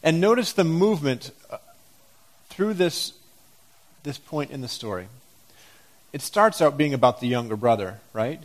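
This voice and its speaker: A man's voice: fairly high pitch, lively intonation, a little slow, pauses often. A man preaching a sermon, reading scripture aloud and asking the congregation reflective questions.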